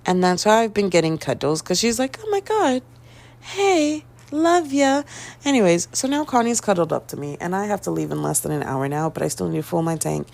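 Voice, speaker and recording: A woman's voice: fast, creaky, hardly any pauses. A woman vlogger telling a casual story, acting out the quoted dialogue and playing up her own panic in a dramatic, self-mocking way. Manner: animated storytelling, acting out quoted dialogue with big pitch jumps.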